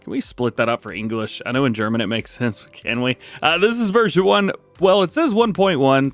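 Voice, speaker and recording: A male gaming host reads through game mod changelogs. His voice sits fairly high and swings all over the place as he adds wry little comments. The sound is dry and close. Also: big pitch swings, fairly quick, hardly any pauses, dry recording, faint music behind. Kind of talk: mod update rundown.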